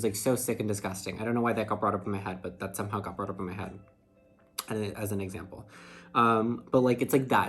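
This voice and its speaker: A tired man giving a casual, heartfelt tarot reading, talking in a chatty way full of fillers. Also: on the low side. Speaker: tarot reader. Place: indoors under a ring light.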